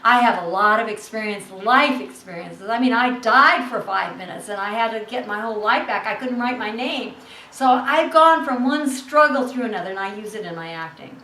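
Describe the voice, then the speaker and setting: A woman, an actress guest on an interview show, telling stories in a lively way and acting out the people in them. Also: a little high, normal speed. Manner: lively, acts out the people in her story. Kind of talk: animated anecdote telling. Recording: roomy, distant mic, faint hiss.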